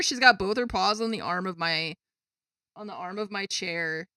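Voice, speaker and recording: A woman streamer talks casually to her viewers from her gaming desk at home, exasperated and swearing freely. Her voice is bright and forward, at a middle pitch, and the sound is dry and close with no room in it. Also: moderate pace, smooth, no echo. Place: home gaming setup with a cat.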